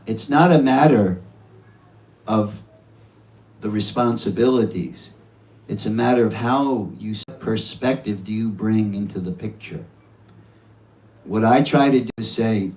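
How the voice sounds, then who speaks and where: A man's voice: fairly low pitch, measured pace, pauses often, distant mic, low-quality recording. A man in his seventies giving an earnest devotional talk at a home gathering. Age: 70s. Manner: earnest, with warm laughter and quoted asides. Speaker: speaker at a devotional home program.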